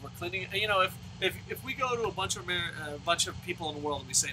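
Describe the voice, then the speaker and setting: A man ranting profanely as he plays a baseball video game, with loud outbursts. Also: on the high side, fast talker, background noise. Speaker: let's play host. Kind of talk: profane gaming commentary rant.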